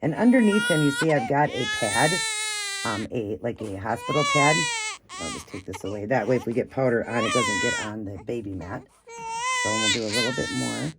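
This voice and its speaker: A woman with a very low voice that moves lively up and down, chatting soothingly as she cares for a baby doll. She repeats herself often in a casual, homey way. Loud baby crying runs underneath her throughout. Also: brisk, very noisy. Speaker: vlogger. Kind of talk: casual doll-care vlog.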